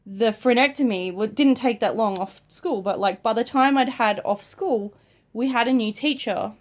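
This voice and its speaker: A woman's voice: fairly high pitch, moderate pace. Chatty young woman, sick in bed. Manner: chatty, many "like" fillers, soft-spoken. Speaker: vlogger. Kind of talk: casual storytime vlog. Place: in bed at home.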